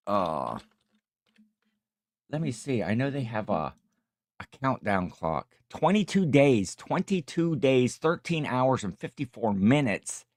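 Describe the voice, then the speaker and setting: A man's voice: medium pitch, a little mellow, no echo, clean studio sound. A tired middle-aged man hosting a casual livestream, chatting and reading viewer comments in a rambling, jokey way. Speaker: livestream host.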